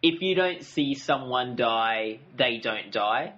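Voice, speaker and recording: Over dull lo-fi audio, a podcast co-host rambles and chats through a casual recap, laughing often. He speaks slowly in a mid-range voice that is animated, bright and forceful.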